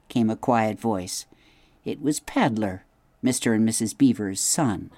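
A man reading a children's story aloud in steady, clear narration. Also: on the low side, normal speed, dry recording. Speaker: audiobook narrator. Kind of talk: scripted narration.

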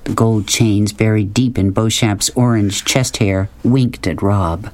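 A man narrating an audiobook in a calm, even storytelling voice. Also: fairly low pitch, a little slow. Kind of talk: scripted narration.

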